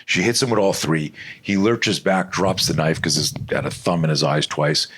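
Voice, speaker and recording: Very deep husky man telling a story. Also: normal speed. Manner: animated, blunt storyteller who swears freely. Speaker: podcast guest, self-defense instructor. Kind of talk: storytelling in a conversational interview.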